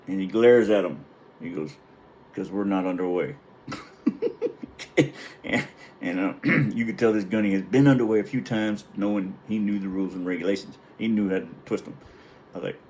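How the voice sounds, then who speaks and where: A man's voice: low voice, normal speed, pauses often, darkish tone, a little hiss or hum, poor audio. A middle-aged man, a retired Navy chief, telling a wry and profane story in a casual, rambling way. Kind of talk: casual anecdote.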